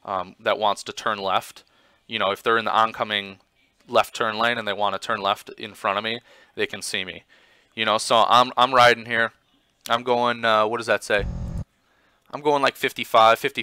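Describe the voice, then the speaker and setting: Guy talking over his bike clips, smooth clear voice, kinda low, lots of ums, gets worked up. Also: normal speed, no echo. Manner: rambling, filler-heavy, excitable retelling. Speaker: motorcyclist reviewing his ride footage. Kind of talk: casual commentary over video.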